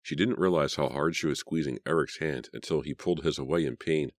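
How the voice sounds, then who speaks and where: A man narrating a horror novel as an audiobook, in a dramatic, measured reading. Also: very deep voice, no echo, studio quality.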